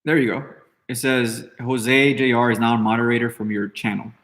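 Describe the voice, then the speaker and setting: A man's voice: medium pitch, little pitch movement, moderate pace, a bit bright. A man in his thirties hosting a podcast, talking loosely and answering chat with blunt, profane, rambling remarks. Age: 30s. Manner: brash, heavy swearing, rambling with fillers. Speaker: podcast host. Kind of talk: casual live-stream talk, answering chat.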